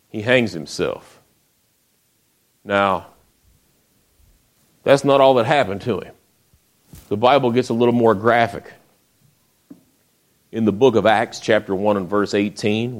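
A man preaching a sermon, retelling the story in a folksy way with acted quotes, often dropping to a hush. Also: lowish voice.

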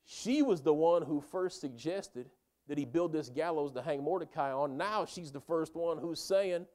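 A man's voice: fairly high pitch, normal speed, darkish tone. A man preaching, retelling a Bible story in a chatty, slangy way.

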